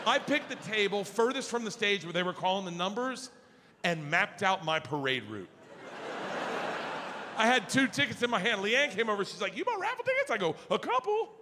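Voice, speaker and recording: A middle-aged man doing stand-up storytelling, animated, jumping between high excited yelps and low gruff impressions. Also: moderate pace, long reverb tail. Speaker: stand-up comedian. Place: comedy club stage. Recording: live club with audience noise.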